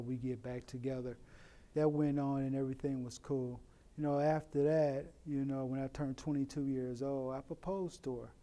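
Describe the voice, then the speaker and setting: A middle-aged man from Oakland, telling a personal story in a plain, unhurried way with many "you know" asides. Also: mid-range voice, dark tone. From Oakland, California. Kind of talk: personal story told to camera. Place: in prison.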